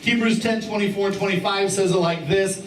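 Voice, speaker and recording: A man's voice: high-pitched, fairly even intonation, a little fast, slight background noise. A middle-aged man preaching a sermon as a pastor, in a conversational, joking way, repeating key phrases. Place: church sanctuary. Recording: roomy church sound from a distance.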